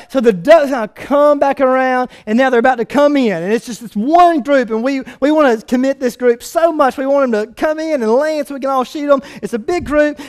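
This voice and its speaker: A pastor preaching a sermon, telling stories with lively animation and building to loud, emphatic points. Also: male voice, very high-pitched, smooth.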